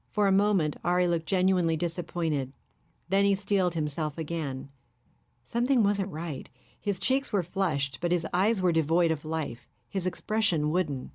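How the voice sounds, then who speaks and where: A woman reading a novel aloud in steady, measured scripted narration. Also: on the low side. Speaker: audiobook narrator.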